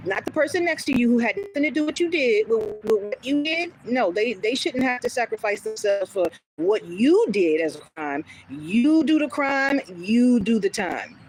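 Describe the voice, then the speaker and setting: A woman's voice: fairly high pitch, expressive, brisk, few pauses, soft background music, rough recording. A woman hosting a casual livestream, talking bluntly and candidly, with occasional swearing and laughter. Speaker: livestream host.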